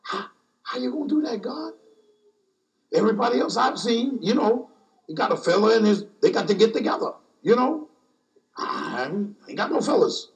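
A man voicing a bewildered young woman in a sermon retelling, with soft, halting questions. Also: sits high, lively intonation, distant mic.

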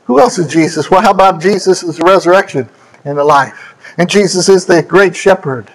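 A man preaching a sermon, quoting scripture and correcting himself as he goes, with emphatic swoops between loud high lines and quiet low ones. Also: fairly quick, low-quality recording. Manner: scripture quotes and self-corrections.

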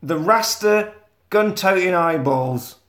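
High-voiced man, swearing storyteller. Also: takes it slowly, roomy sound. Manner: swearing, animated storytelling, acting out quotes. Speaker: podcast co-host. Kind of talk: casual film recap chat.

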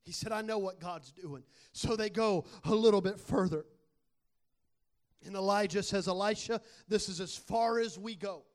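A man with a high-pitched voice preaching at a rally. He tells his story conversationally, then rises into loud, shouted exhortation. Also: moderate pace. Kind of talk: sermon.

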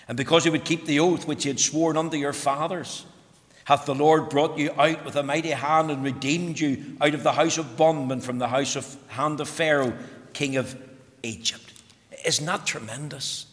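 A man's voice: on the high side, moderate pace, fairly bright tone. A man preaching a sermon with fervor, swelling to emphatic peaks when quoting scripture and often repeating words as he starts a phrase. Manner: fervent, rising to emphatic peaks on scripture quotes. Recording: long hall reverb.

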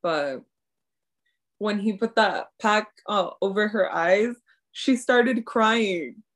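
A young woman casually discussing drama episodes with a friend, gushing and excitable, often quoting her own reactions. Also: medium pitch, slow pace. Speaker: podcast co-host. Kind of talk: casual chat recapping a drama.

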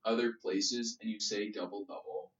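A Canadian man co-hosting a podcast, telling stories in a lively, rambling casual chat full of fillers. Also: fairly low pitch, moderate pace. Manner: animated, filler-heavy storytelling. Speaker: podcast co-host. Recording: roomy, distant, dull-sounding mic.

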